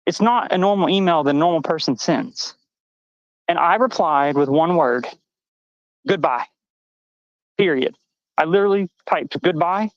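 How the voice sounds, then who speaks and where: A woman's voice: fairly low pitch, no room sound, dull audio. A trans woman on a live stream panel, delivering a heated, angry rant full of swearing and accusations.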